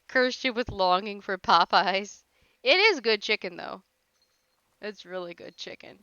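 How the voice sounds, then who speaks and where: Teasing woman streamer, slow talker, super clear bright voice, kinda dull lo-fi audio. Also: mid-range voice, very animated, no echo. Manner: teasing, playful, laughs often. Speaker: livestream host. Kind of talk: casual livestream chat with viewers.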